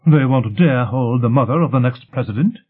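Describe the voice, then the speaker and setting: A man's voice: medium pitch, brisk, slightly rough, close to an everyday voice. A man voicing a haughty older society mother who speaks in a stiff, imperious way. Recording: tinny phone-like sound.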